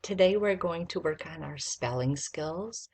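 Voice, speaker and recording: A woman teacher giving a recorded spelling lesson to young students, dictating slowly and sounding out letters one at a time. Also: deep voice, animated, darkish tone, breathy edge.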